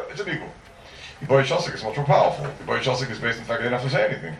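A man lectures a Talmud class and argues through cases with rhetorical questions. His voice sits at an ordinary pitch. He is heard from some distance in a roomy, echoing space with faint background noise. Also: rapid-fire, vocal fry. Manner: lively, rhetorical questions, mixes Hebrew and Aramaic terms. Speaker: Talmud teacher. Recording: roomy echo, mic far off, faint noise.

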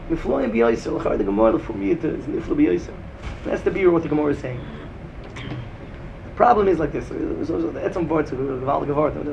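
A man with a Yeshivish English accent teaching a Talmud lecture in a sing-song style, climbing to emphatic bursts and dropping low. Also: creaky, a little hiss or hum.

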